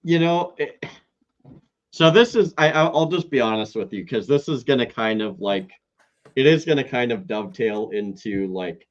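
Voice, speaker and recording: A man co-hosting a podcast in casual chat, rambling with many fillers and wide swings in pitch. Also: normal speed. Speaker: podcast co-host. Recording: slightly dull, lo-fi sound.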